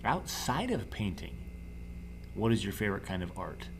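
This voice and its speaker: A woman's voice: very deep voice, sing-song, moderate pace, background noise. A woman asking brief questions and dropping short remarks from off camera during a painting tutorial. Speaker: off-camera interviewer. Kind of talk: casual chat.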